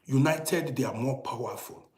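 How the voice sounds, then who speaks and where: A man's voice: mid-range voice, normal speed, a little mellow. A man with a Nigerian accent giving an emphatic, ranting commentary to his viewers, firing off rhetorical questions again and again. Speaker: vlogger. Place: indoors in Europe. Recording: roomy echoey room sound.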